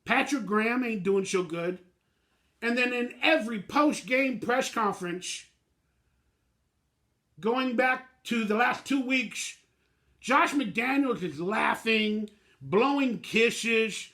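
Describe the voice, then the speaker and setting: On his fan channel, a man with a high, bright, sharp-edged voice rants through a postgame reaction. His words are plain, slangy, blunt and emotional, delivered expressively at a slow pace.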